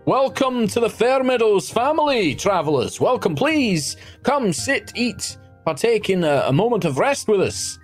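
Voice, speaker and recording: Gracious old centaur host, put on by a man, pitched up high, animated, with faint music behind. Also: a little slow, hardly any pauses, exaggerated voice. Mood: welcoming. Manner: welcoming, repeats "come, come". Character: warm hospitable male centaur family leader, graying.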